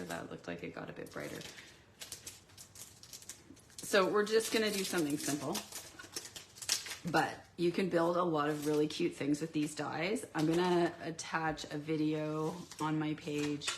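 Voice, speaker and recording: A woman with a low, stuffy voice, congested from being sick, talks her way through a live craft demo at her home desk. She rambles with lots of ums and little asides. A faint hiss sits under her voice. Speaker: papercraft demonstrator.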